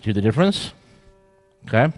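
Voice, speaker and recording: Low-voiced man coaching a student orchestra. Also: big pitch swings, moderate pace, soft background music. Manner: encouraging, playfully teasing. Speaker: guest orchestra clinician. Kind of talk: live rehearsal clinic feedback.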